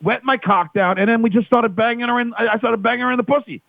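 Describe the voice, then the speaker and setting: Over a tinny phone line with no echo, a guest from New York speaks with an extremely high pitch and vocal fry. His crude banter is full of raunchy stories and fast denials.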